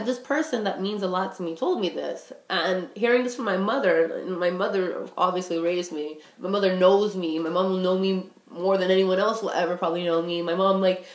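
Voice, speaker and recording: A woman's voice: medium pitch, roomy sound. A woman in her twenties talking candidly and rambling about her own feelings, with many fillers. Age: 20s. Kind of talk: casual personal talk.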